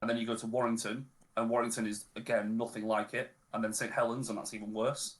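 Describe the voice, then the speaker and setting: A man's voice: on the low side, level tone, fast. Chatty Lancashire man with local slang. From Northern England. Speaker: podcast guest. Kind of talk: casual chat on a charity stream.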